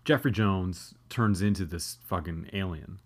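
A man's voice: low-pitched, measured pace. A man in his thirties telling a comedic, profane, self-deprecating childhood story as a podcast host.

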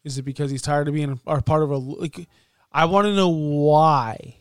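A man co-hosting a casual wrestling podcast, excitable and rambling, with plenty of ums and fillers. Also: a little high, normal speed, smooth, no room sound, clean studio sound. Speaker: podcast co-host.

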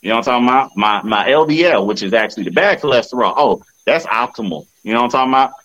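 A man's voice: mid-range voice, lively intonation, very fast, fairly bright tone, dull audio. A man co-hosting a podcast in casual chat, laid-back and often checking in with his listeners. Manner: laid-back, keeps asking "you know what I'm saying". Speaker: podcast co-host.

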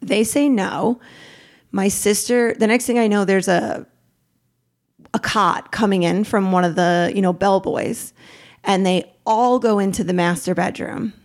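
Woman, 30s, podcast guest, emotional storytelling, animated, mid-pitched voice. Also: unhurried. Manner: animated, acts out quotes with pitch jumps.

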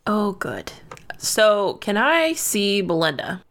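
A woman's voice: medium pitch, big pitch swings, slow pace, a bit bright. A woman player in a tabletop game, thinking aloud hesitantly while she decides her moves. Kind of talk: casual tabletop game chat.

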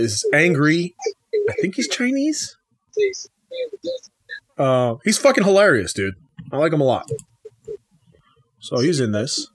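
A man's voice: mid-range voice, a bit bright, no echo. A man co-hosting a casual podcast, talking bluntly and swearing freely. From Hispanic family. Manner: blunt and profane, loose. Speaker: podcast co-host. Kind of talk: casual chat.

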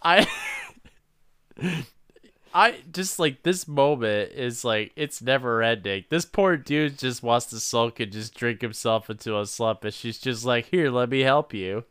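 A man's voice: mid-range voice, animated, a little slow, fairly bright tone, clean tone, no echo, clean studio sound. A man co-hosting a casual chat who laughs often, swears and mocks the characters. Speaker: podcast co-host.

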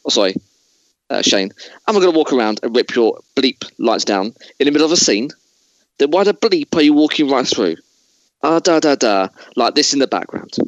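A man's voice: mid-range voice, expressive, a little fast, no echo, muffled recording, voice pushed up, natural voice. A man playing an enraged male film star who rants at a crew member and says "bleep" in place of swear words. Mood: furious. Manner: ranting, swearing with bleeps said aloud.

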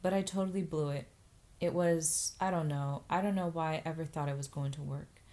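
A woman narrating a first-person novel as an audiobook, in a steady, even reading voice. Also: low-pitched, a little fast.

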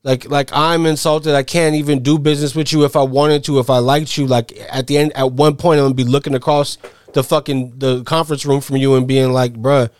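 A man's voice: medium pitch, little pitch movement, a little fast, clean tone, dry recording. A man co-hosting a casual podcast, talking reflectively with plenty of swearing. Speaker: podcast co-host.

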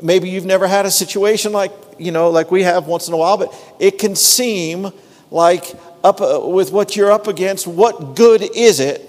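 A man's voice: high-pitched, normal speed, darkish tone. A middle-aged male pastor preaching a conversational sermon, drawing responses from the congregation. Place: church sanctuary. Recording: long hall reverb.

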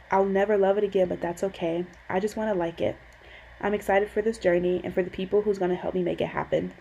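A woman's voice: lowish voice, warm tone, a little hiss or hum, low-quality recording. A woman of about twenty, candid and emotional, hosting a casual solo podcast on a built-in device mic and swearing casually. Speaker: podcast host. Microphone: built-in device mic, external mic off.

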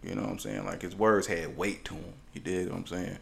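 A man's voice: sits low, fairly even intonation, fairly quick, creaky, fairly bright tone. A man co-hosting a podcast, telling stories in a casual chat, laughing often and mimicking the voices of people he talks about. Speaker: podcast co-host.

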